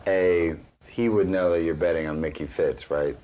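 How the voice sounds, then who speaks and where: A man's voice: low voice, fairly even intonation, normal speed, mellow, slight background noise. A man playing a tabletop game, rambling and hesitant as he explains his character. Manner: rambling, hesitant, full of ums. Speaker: player.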